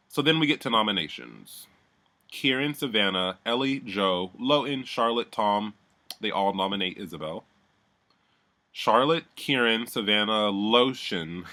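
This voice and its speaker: A man's voice: fairly low pitch, sharp tone. A man giving a casual, sardonic recap of a reality show, swearing freely and rambling as he goes.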